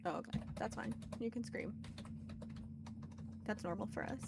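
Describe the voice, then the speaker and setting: A woman's voice: on the high side, moderate pace, gravelly, noisy background. A woman co-hosting a casual livestream with a friend, dropping brief playful asides. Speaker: co-host friend.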